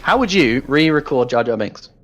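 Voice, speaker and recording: A man's voice: mid-range voice, animated, normal speed, fairly bright tone, rough recording. A man, an esports caster, chatting playfully and teasing his co-caster between matches. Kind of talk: casual chat between matches.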